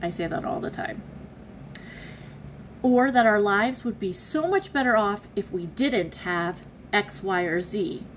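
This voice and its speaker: A woman giving a casual devotional reflection, speaking in an earnest, candid and halting way. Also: mid-range voice, animated, a little hiss or hum, rough recording. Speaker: devotional vlogger.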